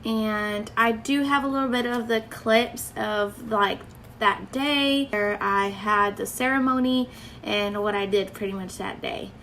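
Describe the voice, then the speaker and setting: Chatty young woman with gravelly edge. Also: medium pitch, unhurried, a bit bright, a little hiss or hum, rough recording. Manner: chatty, filler-heavy, quotes others in dialogue. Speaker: vlogger. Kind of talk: casual storytelling to camera.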